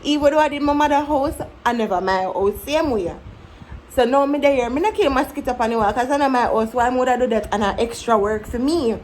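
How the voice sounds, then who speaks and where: A woman in her twenties with a Jamaican accent, talking candidly to camera about growing up, with animated storytelling. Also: high voice, fairly quick, a little hiss or hum, low-quality recording. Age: 20s. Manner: candid, animated, breaks into mimicking her younger self. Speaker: vlogger. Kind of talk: casual reflective storytelling to camera.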